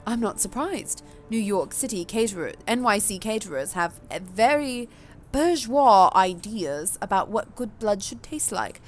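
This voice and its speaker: A woman's voice: mid-range voice, lively intonation, measured pace, soft background music, lightly acted. A woman voicing a poised, elegant female vampire hostess with a refined, sly manner. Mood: silky.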